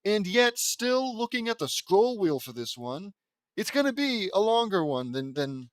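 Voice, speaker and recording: A man's voice: high voice, very animated, measured pace, no room sound. A man reading fan fiction aloud and mocking it with dry, sarcastic asides. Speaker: reader commenting on fan fiction. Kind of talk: sarcastic dramatic reading with commentary.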